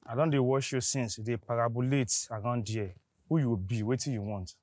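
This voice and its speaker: A man with a Nigerian accent playing a self-important security guard in a comedy skit, loud and repeating commands. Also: medium pitch, steady tone, normal speed. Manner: loud, pompous, repeats himself, shouting commands.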